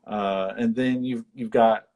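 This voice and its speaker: A man co-hosting a live chat, retelling film scenes and jumping into high-pitched voices to quote characters. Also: slow. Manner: animated retelling, acts out lines in high voices. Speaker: podcast co-host. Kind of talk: casual chat about a film.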